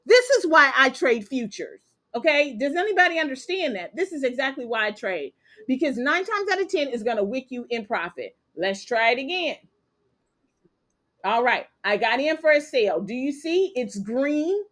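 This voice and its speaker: Female trading teacher, upbeat and fairly high-pitched, live online lesson, keeps asking "okay?". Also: expressive, a bit bright. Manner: brisk, checks in with "okay?" and "capiche?". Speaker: trading instructor.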